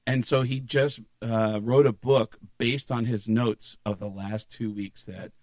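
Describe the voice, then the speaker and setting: A male stand-up comedian telling stories in a casual chat, animated and profane, slipping into voices. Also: mid-range voice, measured pace, dry recording.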